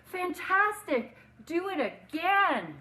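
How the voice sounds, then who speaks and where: A woman voicing a clever, brave young princess in a storybook reading, eager and flattering. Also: mid-range voice, a little slow, roomy sound, background noise, natural voice.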